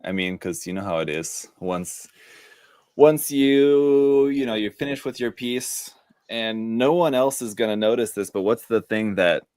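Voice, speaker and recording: A man hosting a casual interview, relaxed, with frequent short backchannels. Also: fairly low pitch, measured pace, clear, resonant tone, dry recording, clean studio sound. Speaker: interview host.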